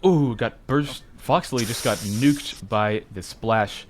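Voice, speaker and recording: A man commentating a game tournament live, excitable and often stammering as he restarts his sentences. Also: mid-range voice, slow, slight background noise.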